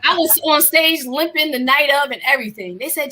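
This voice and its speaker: A woman's voice: high-pitched, fairly quick, hardly any pauses. A woman from New Jersey, a guest artist in a casual interview, telling stories with energy and acting out the voices of the people in them. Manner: animated storyteller acting out quoted voices.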